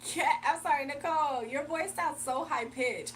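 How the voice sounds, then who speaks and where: Young woman, casual live streamer, slangy and giggly, high-pitched, light noise under the mic. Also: lively intonation, normal speed, hardly any pauses, recorded from a distance. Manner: chatty, laughs often, slangy. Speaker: livestream host giving spiritual readings. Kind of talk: casual livestream chat, reading viewer comments aloud.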